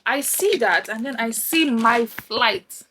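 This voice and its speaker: A young woman from Nigeria telling a lively travel story while doing her makeup, acting out the other people's lines. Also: on the high side, slow pace, slight background noise, low-quality recording. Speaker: vlogger. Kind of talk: chatty get-ready-with-me story time.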